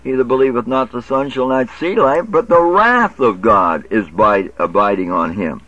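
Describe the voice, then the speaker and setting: In an expressive mid-range voice with a sharp tone and normal speed, a preacher lectures on the Bible, quoting verses and explaining them instructively. He corrects himself at times. There's no room sound, though the lo-fi audio is dull.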